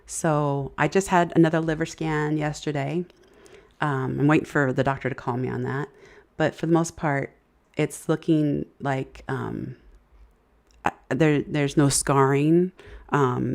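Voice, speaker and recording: A woman hosting a casual live stream, halting and searching for words, thanking viewers as she reads the chat. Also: rumbling low, animated, creaky, darkish tone. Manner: halting, many fillers and restarts, searching for words; grateful, effusive thanks to viewers. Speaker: livestream host.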